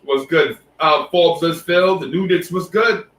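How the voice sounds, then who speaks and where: A man hosts a casual live stream, greeting viewers one by one and talking loosely with restarts. His voice is bright and forceful. He sits away from the mic in an echoey room. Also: fairly high pitch, moderate pace, distant mic. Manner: loose, repetitive shout-outs with restarts and fillers. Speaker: livestream host.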